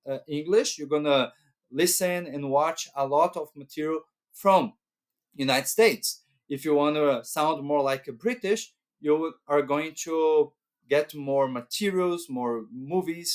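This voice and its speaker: A man, hosting an educational talk to camera and explaining patiently, often checking in with "right?". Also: a little high. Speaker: channel host.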